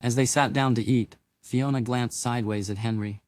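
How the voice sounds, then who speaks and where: A man narrates a scripted audio drama at a middle pitch, in an even, measured storytelling voice. The recording is close and completely dry. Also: dry recording.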